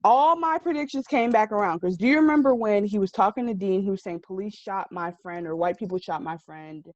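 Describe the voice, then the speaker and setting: A woman's voice: medium pitch, fairly quick, no echo. A woman on a podcast, retelling a TV scene in a rambling, casual way with plenty of fillers. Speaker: podcast co-host. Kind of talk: casual TV recap chat. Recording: dry, dull lo-fi sound.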